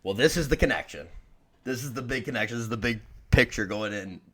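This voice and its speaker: A man's voice: medium pitch, quick pace, pushed and bright. A man co-hosting a podcast in a loose, casual chat, swearing and saying "dude" often. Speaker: podcast co-host.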